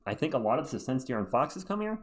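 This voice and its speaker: A man hosting his own sports commentary video, chatty and animated as he talks basketball. His voice sits at an ordinary middle pitch, and he throws in quick asides as he goes. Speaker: sports channel host.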